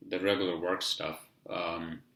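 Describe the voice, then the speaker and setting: Deep gravelly man rambling on a podcast. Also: little pitch movement, a little slow, a bit bright, echoey room. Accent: heavy non-native English accent. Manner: rambling and profane, heavy on "you know" fillers. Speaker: podcast host. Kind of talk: casual solo podcast monologue.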